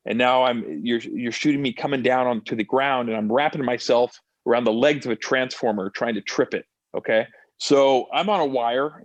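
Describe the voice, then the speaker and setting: A middle-aged man, a stuntman and actor, telling stories in a casual interview, animated and full of fillers and restarts. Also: mid-range voice, dry recording.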